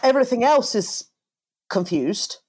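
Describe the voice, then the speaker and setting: A woman's voice: fairly high pitch, lively intonation, a little slow, darkish tone, a little hiss or hum. A woman co-hosting a podcast, explaining things with a playful, dry sense of humor. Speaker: podcast co-host. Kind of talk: casual podcast chat.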